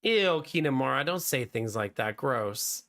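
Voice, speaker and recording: Chatty streamer man, bright voice. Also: fairly high pitch, expressive, moderate pace. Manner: chatty, answering viewers by name. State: slightly hoarse. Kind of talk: casual live-stream chat. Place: home streaming room.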